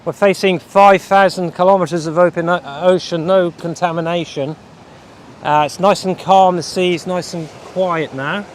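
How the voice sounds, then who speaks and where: A man born in Scotland who speaks with a southern English accent, guiding a coastal walk outdoors. He talks in halting bursts with fillers and restarts, his voice on the high side. Faint outdoor noise runs behind him. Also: steady tone. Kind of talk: casual tour chat.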